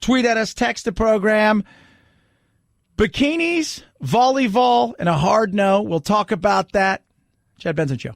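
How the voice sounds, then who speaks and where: Man, talk radio host, sarcastic, opinionated monologue, high lively voice, dry close mic. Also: normal speed, gravelly, dry recording. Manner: animated and sarcastic, mocking asides.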